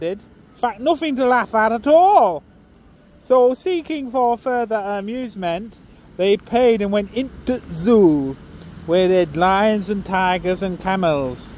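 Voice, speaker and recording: Guy reciting a funny poem outside, put-on lancashire accent, high voice, slow and theatrical, faint traffic behind. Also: darkish tone. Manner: storytelling, theatrical. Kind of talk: reciting a comic poem aloud. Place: outdoors in a seaside town.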